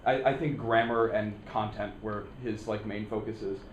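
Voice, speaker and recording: A man's voice: lowish voice, fairly even intonation, normal speed, highs cut off, slight background noise. A male student explaining his view in a classroom discussion, thinking aloud and searching for words. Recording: echoey classroom audio.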